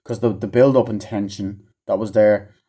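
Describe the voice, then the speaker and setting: A man's voice: fairly low pitch, fairly even intonation, moderate pace, warm tone. A man giving a casual, rambling movie review, swearing often and mimicking characters in mocking voices. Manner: rambling, profane, acts out scenes in mocking voices.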